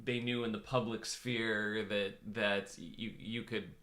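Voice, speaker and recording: Guy consultant hosting a live stream, bright forceful voice, easygoing. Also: fairly low pitch, slow. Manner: relaxed, laughs, some filler restarts. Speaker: business growth consultant, host. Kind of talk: casual live-stream chat.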